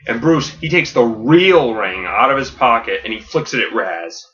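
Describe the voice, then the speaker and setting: A podcast host retells a comic story as a comedic pitch, animated and laughing at his own jokes while slipping into quick character voices. The audio is dull and lo-fi.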